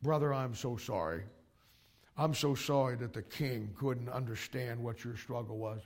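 A man voicing a scheming young prince who softly flatters strangers with false sympathy. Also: mid-range voice, moderate pace, voice pushed down, lightly acted. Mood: wheedling. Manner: soft, ingratiating and sympathetic.

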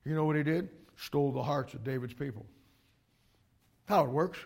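Gravelly, emphatic male pastor. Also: a little high, moderate pace, pauses often. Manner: emphatic and animated, with frequent restarts. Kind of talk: sermon to young ministry students.

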